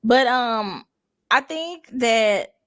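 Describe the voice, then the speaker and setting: A woman's voice: a little high, animated, drawn-out words, a bit bright. Easygoing chatty woman podcast co-host. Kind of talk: casual chat.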